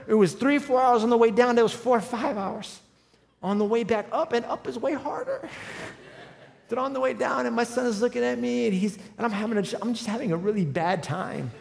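A man in his forties preaching a sermon, telling a humorous personal story and building to loud, emphatic runs. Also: extremely high pitch, expressive, a little slow, vocal fry, long pauses. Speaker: pastor. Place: large church hall with live audience. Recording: long hall reverb.

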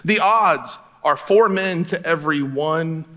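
A man preaching a sermon in a lively, joking way, acting out the characters in casual everyday speech. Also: fairly high pitch, slow. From Florida. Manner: animated, joking, acts out Bible characters in casual voices. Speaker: pastor.

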